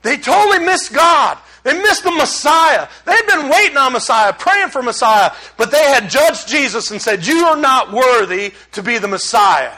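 Brief: man, middle-aged pastor, lively humorous sermon delivery, high bright voice. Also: moderate pace, few pauses. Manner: animated, conversational preaching with humor. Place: church sanctuary.

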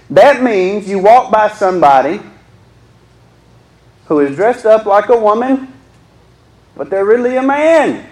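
A man's voice: high voice, darkish tone, echoey room, low-quality recording. A young man preaching a sermon in a joking, conversational way, often asking the crowd questions.

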